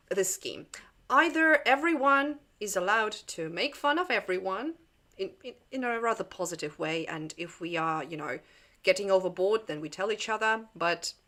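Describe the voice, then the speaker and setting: A woman's voice: mid-range voice, a bit bright. A young woman hosting a casual livestream chat, rambling with jokey asides and frequent laughs. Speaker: channel host.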